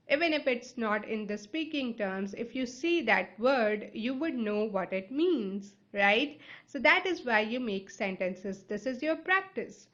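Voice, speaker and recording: Higher-pitched woman teaching in a lesson video. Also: a bit bright, muffled recording. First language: not English. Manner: explanatory, checks in with frequent "right?" and "okay?". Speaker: language teacher.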